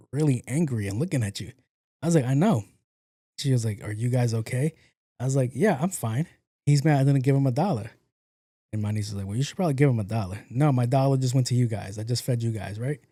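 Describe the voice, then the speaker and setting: A man's voice: mid-range voice, dry recording, clean studio sound. A man hosting a podcast, telling a story casually, acting out the lines of people in it, with some swearing. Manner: animated, acts out quotes, profane. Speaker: podcast host.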